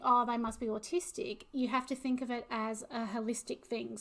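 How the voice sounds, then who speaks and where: A woman in her forties talking casually to camera as a parent, unscripted and hesitant, with many fillers. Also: high voice. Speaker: vlogger and parent of autistic children.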